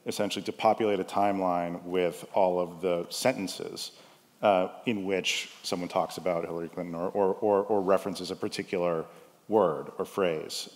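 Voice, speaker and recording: A man, a documentary filmmaker, explaining technical ideas on a panel and stumbling over repeated words. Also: sits low. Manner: stumbling repetitions while explaining. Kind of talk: conference panel talk. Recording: long hall reverb.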